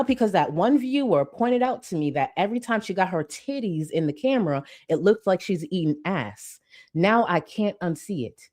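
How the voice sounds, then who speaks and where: A woman's voice: mid-range voice, darkish tone. A woman hosting a commentary channel, reacting to clips with a sassy, mocking rant and talking back at them.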